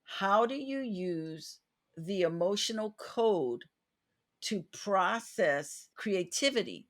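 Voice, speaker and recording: A woman's voice: mid-range voice, lively intonation, takes it slowly. A woman hosting a podcast interview, talking in an earnest, reflective way with frequent restarts. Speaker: podcast host. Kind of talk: casual interview chat.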